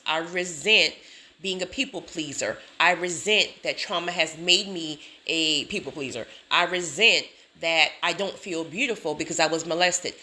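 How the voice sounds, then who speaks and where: A woman giving a sassy, emphatic motivational talk to camera, laughing often. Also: on the low side. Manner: sassy, emphatic, repeats catchphrases; laughs often, animated storytelling. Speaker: self-help vlogger.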